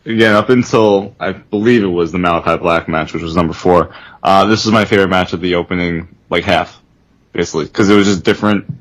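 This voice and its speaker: A laid-back male podcast co-host giving easygoing takes on wrestling matches. His voice is very low and relaxed. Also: fast, rough recording. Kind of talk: casual wrestling review banter.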